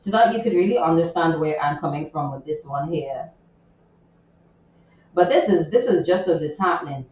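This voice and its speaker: A woman's voice: low voice, normal speed, long pauses, a little mellow, a little hiss or hum. A woman radio host, chatting about a viral news story in a chatty, indignant way, with many asides. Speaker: radio morning show host. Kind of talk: casual chat reading social media news. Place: radio studio. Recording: very echoey, distant, dull sound.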